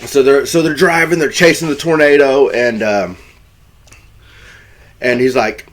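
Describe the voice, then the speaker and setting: Rambling man recapping a movie. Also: a little slow. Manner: rambling, self-correcting storyteller; breaks into loud, high acted quotes. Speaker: movie reviewer. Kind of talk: casual rambling plot recap.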